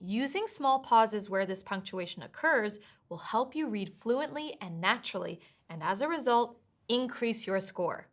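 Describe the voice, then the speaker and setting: A woman explaining exam tasks as a test prep teacher in clear, measured scripted narration. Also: fairly high pitch, animated, fairly bright tone.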